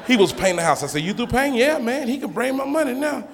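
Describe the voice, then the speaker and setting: Animated man doing stand-up before a crowd. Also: very high-pitched, fast talker. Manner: animated storytelling, acting out voices. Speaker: stand-up comedian. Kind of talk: stand-up comedy set. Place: comedy club stage with live audience. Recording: live club recording, long reverb, loud crowd.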